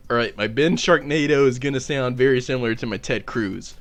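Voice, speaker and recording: A man's voice: medium pitch, brisk, hardly any pauses. A man, a comedy YouTuber, talking casually with mumbled, laughing asides.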